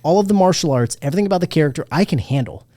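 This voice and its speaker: A man in his thirties hosting a podcast, chatting casually about a movie, animated and jokey, with plenty of swearing. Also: fairly high pitch, very fast, no echo. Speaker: podcast host. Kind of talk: casual movie review chat.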